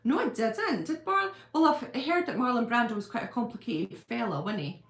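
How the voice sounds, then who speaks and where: A woman's voice: on the high side, expressive, normal speed, a bit bright. A woman hosting her own channel, chatting casually on a live stream and rambling as she answers viewer comments at home. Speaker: channel host. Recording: roomy echo.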